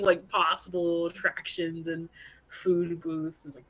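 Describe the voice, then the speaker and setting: A woman's voice: fairly low pitch, little pitch movement, normal speed, a bit bright, dull audio. A woman playing a tabletop game, chatting loosely with lots of filler words. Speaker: player. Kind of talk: casual tabletop game play.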